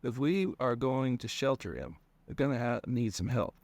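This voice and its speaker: A man's voice: mid-range voice, lively intonation, moderate pace, darkish tone, no room sound, close to an everyday voice. A man voicing a laid-back, slangy male sidekick who talks in casual slang. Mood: easygoing. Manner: casual slang, says bro.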